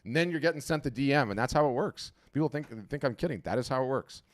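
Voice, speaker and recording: A man hosting a casual live video-call webinar, talking in an animated, chatty way and often repeating and restarting his words. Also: mid-range voice, fast, dry recording. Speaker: webinar host auditing artist profiles. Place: home.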